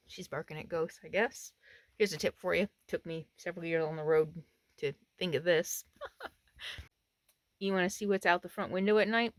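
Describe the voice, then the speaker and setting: A woman's voice: sits low, no echo. A woman RV vlogger telling a story to the camera from inside her camper, acting out what was said. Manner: animated retelling, acts out quotes. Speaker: RV travel vlogger.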